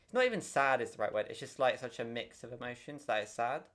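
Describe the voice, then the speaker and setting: A British man co-hosting a casual podcast chat, encouraging and quick to laugh. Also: mid-range voice, animated, fairly bright tone. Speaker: podcast co-host.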